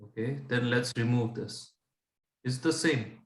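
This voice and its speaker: A man's voice: medium pitch, a little slow. Patient Indian tutor man, echoey room. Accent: Indian English. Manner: patient, asks checking questions, mixes English and Hindi. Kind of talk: explaining fractions.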